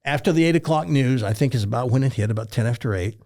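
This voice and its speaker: A man's voice: medium pitch, quick pace. An older man from Tennessee, a former radio host telling stories in an interview and acting out the dialogue. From Tennessee, USA. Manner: animated storyteller who acts out quoted dialogue. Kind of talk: storytelling in a casual interview.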